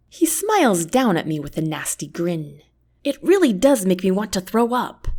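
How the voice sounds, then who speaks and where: A woman narrating a first-person novel as an audiobook, with an expressive, character-driven delivery. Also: mid-range voice, measured pace.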